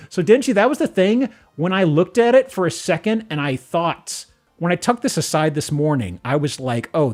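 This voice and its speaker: A man talks casually and excitedly on a live stream, his voice on the high side. He laughs often and keeps restarting his sentences.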